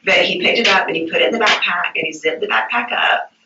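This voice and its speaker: A woman's voice: medium pitch, fast talker, creaky, background noise. A woman recounting events to a detective in a police interview, hesitant and stumbling, repeating her words. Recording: muffled roomy archive interview tape, distant.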